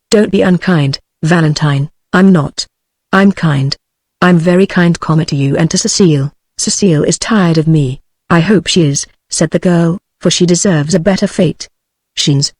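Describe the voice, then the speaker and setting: A text-to-speech woman's voice with a British English accent reads a classic novel aloud, flat and mechanical, sometimes speaking punctuation marks. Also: fairly low pitch, no echo. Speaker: audiobook narrator. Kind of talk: synthetic audiobook narration.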